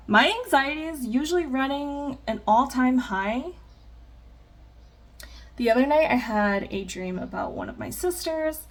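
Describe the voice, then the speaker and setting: Slow, rambling woman chatting. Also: medium pitch. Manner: candid, rambling, many fillers. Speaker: vlogger. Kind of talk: casual get-ready-with-me chat.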